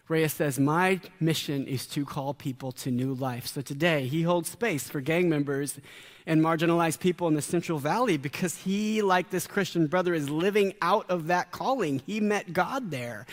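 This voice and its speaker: A man preaching a sermon as a pastor, conversational with dramatic pauses and quoted voices. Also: on the high side. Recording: long hall reverb.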